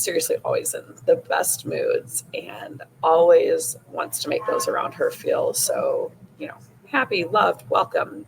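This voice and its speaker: A woman's voice: on the low side, big pitch swings, unhurried, creaky, slight background noise, rough recording. A woman hosting a podcast, telling a personal story casually with many "like"s and "you know"s. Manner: casual, frequent "like" and "you know", retelling with rising emotion. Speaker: podcast host.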